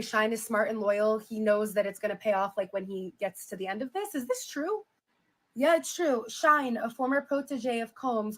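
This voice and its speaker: A woman with a slightly high voice, recorded with poor audio, reads a memoir aloud and reacts casually as she goes. She's chatty and fills her retelling with "like."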